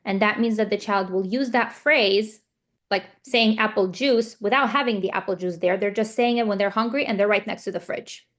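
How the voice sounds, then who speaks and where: A woman's voice: medium pitch, moderate pace, fairly bright tone. A woman speech therapist giving a parent training talk over a video call, explaining with example scenarios and frequent fillers.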